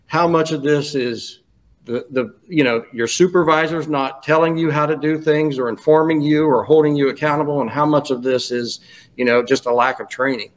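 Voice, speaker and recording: A man's voice: a little high, steady tone, normal speed. A middle-aged man, a guest on a podcast, telling stories in a casual chat with frequent restarts and "you know"s. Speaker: guest, retired school custodial administrator.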